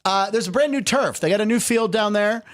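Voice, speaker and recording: A man co-hosting a sports show in a quick, chatty way. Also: high-pitched. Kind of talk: casual sports chat.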